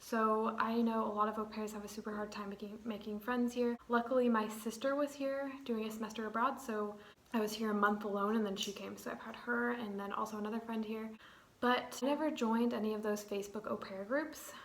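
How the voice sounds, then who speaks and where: A woman's voice: medium pitch, a bit bright. Chatty young woman, echoey. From United States. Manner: chatty, rambling, many "like"s. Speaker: vlogger. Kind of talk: casual chat.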